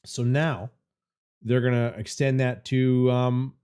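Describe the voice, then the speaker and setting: A man's voice: mid-range voice, little pitch movement, slow, a little mellow, smooth. A man co-hosting a casual livestream, explaining game news with fillers and blunt swearing. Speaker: co-host.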